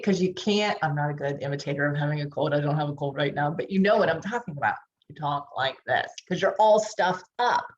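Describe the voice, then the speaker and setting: A woman's voice: deep voice, darkish tone. Pittsburgh woman teaching phonics. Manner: demonstrates sounds, coaches the audience to repeat. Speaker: reading specialist and instructor. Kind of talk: tutor training lecture. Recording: dull lo-fi online session audio.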